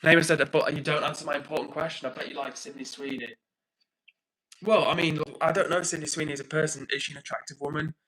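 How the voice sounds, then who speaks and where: A young British man hosting a livestream, chatting casually, reading out viewer comments and thanking people warmly. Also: on the high side, fairly even intonation, fast talker, crowd noise, rough recording. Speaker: livestream host.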